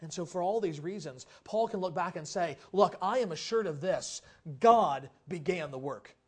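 A male pastor preaching a sermon, retelling scripture stories and acting out the quoted voices with sudden swings between loud and soft. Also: high-pitched, lively intonation, normal speed, slightly rough.

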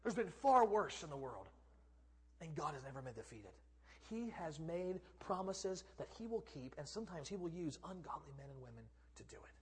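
A male pastor preaching a sermon, acting out quoted speakers and swinging from loud proclamation to a hushed near-whisper. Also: fairly high pitch, expressive, a little fast, husky.

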